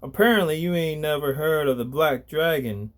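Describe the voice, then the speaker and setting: A man doing a cocky, high-pitched street thug. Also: normal speed, lightly acted. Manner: sneering, brash tough-guy talk. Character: young male street thug, crude and cocky.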